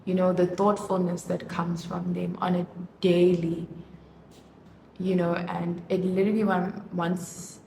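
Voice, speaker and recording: A woman's voice: on the low side, little pitch movement, a little slow. A woman vlogging casually while doing her makeup, gushing and emotional, with lots of fillers. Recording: roomy echo with clear background noise.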